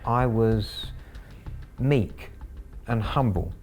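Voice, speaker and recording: A man's voice: on the low side, very slow, a little mellow, soft background music. A man telling his story as a scambaiter in a documentary, wry and gleeful in his anecdotal telling.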